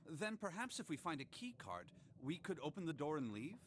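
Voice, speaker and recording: An actor playing a calm, composed blind man who speaks in a measured, formal way. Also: on the high side, slight background noise.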